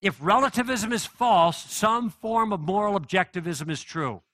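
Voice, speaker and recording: A man's voice: sits high, moderate pace, a bit bright, dry recording. A middle-aged man giving a live apologetics talk, conversational and persuasive, with many rhetorical questions to the audience. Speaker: Christian apologetics speaker.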